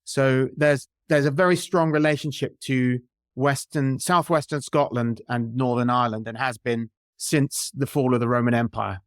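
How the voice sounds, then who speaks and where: A man's voice: mid-range voice, normal speed, no room sound, clean studio sound. British man, opinionated casual guest. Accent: British English. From Britain. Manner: lively, opinionated, many restarts. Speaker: podcast guest. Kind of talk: casual interview chat.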